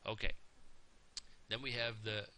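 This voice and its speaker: A man's voice: fairly low pitch, little pitch movement, measured pace, bright, forceful tone, slight background noise. A man teaching pronunciation, patiently overemphasizing each sound in his demonstrations and checking in with "okay?" as he goes. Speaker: language teacher. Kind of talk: pronunciation lesson.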